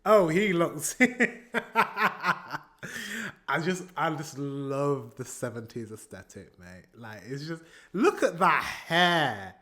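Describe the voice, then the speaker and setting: Slow-talking, animated British man. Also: fairly high pitch. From Britain. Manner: chatty, laughs often, rambling asides. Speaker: YouTube music reactor. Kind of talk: casual reaction commentary. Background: faint pop music playing.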